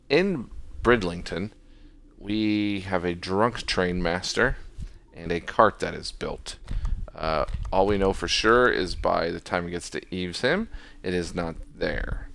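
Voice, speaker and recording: A man's voice: low-pitched, gravelly, a bit bright. A man hosting a casual let's play, commenting on the game in a sarcastic, wisecracking way.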